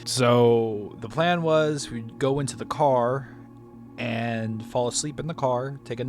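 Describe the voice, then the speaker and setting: A man's voice: medium pitch, slow pace, music in the background. A man casually telling a story about his day at the movies, rambling with frequent restarts and self-corrections, laughing at himself. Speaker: movie reviewer.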